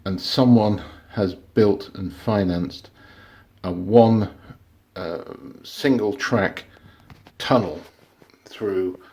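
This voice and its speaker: A man's voice: on the low side, extremely slow, mellow, husky. A man chatting casually in a travel vlog, rambling a little with fillers as he talks. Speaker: sailing vlogger. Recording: light background noise.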